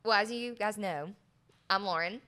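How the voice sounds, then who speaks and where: A woman's voice: mid-range voice, moderate pace, bright, forceful tone. A woman co-hosting a podcast, bubbly and joking, laughing often as she sets up the interview. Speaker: podcast co-host.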